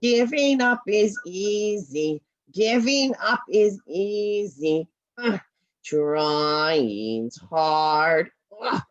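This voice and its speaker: A woman's voice: mid-range voice, lively intonation, dry recording, dull audio. A woman voicing a glum, frustrated male felt animal puppet who sighs and sulks, in a puppet show over a video call. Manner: mopey, sighing, slow and sulky.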